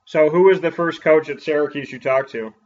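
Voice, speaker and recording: A man who is a sports broadcaster, reading an upbeat ad spot and then asking quick interview questions. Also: fairly high pitch, dull audio, heavy background noise.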